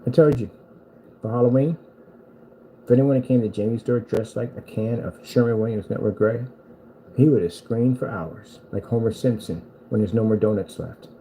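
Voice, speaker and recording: A man's voice: lowish voice, moderate pace, warm tone, a little hiss or hum, poor audio. A man delivering a boastful, taunting rant at a rival screen maker, repeating himself for emphasis. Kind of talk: trash-talking rant at a rival.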